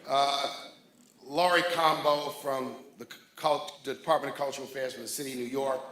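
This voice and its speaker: At a ribbon cutting, a man speaks from a podium to a crowd in a large room, giving a jovial, rousing speech as he thanks and names dignitaries. His mid-range voice is steady and fairly bright at a moderate pace, recorded in an echoey hall with crowd noise.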